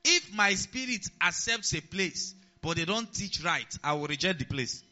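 Bright, piercing pastor preaching in a hall. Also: male voice, high-pitched, animated, moderate pace. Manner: keeps checking in with the congregation, repeats key lines; swings between loud emphasis and quiet asides. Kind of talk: sermon. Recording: long hall reverb, dull lo-fi sound.

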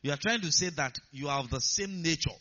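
A man's voice: a little high, fast, bright, forceful tone. A man preaching a sermon to a congregation, asking them questions and rising to emphatic bursts. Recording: dull lo-fi sound.

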